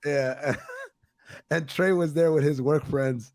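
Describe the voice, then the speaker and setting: A man's voice: fairly high pitch, slow, a little mellow. A man co-hosting a podcast, teasing his friends and laughing through casual stories. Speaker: podcast co-host.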